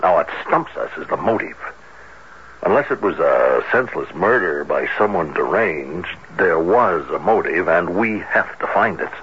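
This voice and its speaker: An actor playing a shrewd police captain questioning a witness in a murder case, in a 1970s radio drama. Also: male voice, deep voice, lively intonation, moderate pace. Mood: probing. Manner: probing, skeptical questioning. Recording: dull lo-fi vintage radio with faint hiss.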